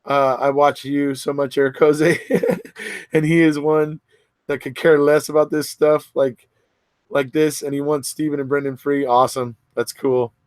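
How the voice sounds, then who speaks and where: Hosting a relaxed livestream, this man reads out viewer comments and chats back in reply, with frequent restarts and filler words. His voice sits a little high, his delivery is flat and a little slow, and the recording has no room sound.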